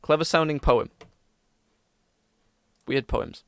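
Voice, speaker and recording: A man's voice: on the high side, sing-song, slow pace, creaky, a bit bright, no room sound. A young man hosting a podcast, rambling casually with lots of fillers and self-mocking asides. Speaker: podcast host. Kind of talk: casual chat.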